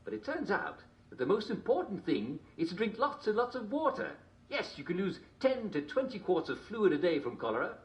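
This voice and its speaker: An actor playing a cheery, smooth TV host in a video game broadcast, with an upbeat announcer delivery. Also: male voice, high voice, very animated, brisk. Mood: chipper. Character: cheery smooth male TV host of a dystopian show.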